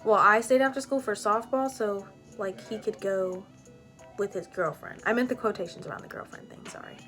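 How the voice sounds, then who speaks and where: A woman's voice: medium pitch, moderate pace, a bit bright, faint music behind. A young woman telling a personal story in a casual, rambling way, full of "like" and "you know".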